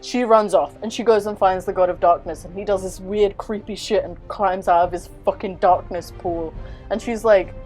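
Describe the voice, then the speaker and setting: Young woman host, sarcastic rant, mid-pitched voice, loose and profane. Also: fairly even intonation, moderate pace, a little mellow, soft background music, rough recording. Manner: exasperated, sarcastic, swears freely. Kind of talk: casual ranting chat.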